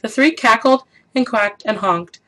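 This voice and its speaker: Bright, animated woman reading a story. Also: fairly high pitch, measured pace, rough recording. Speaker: storybook reader. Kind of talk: reading a picture book aloud.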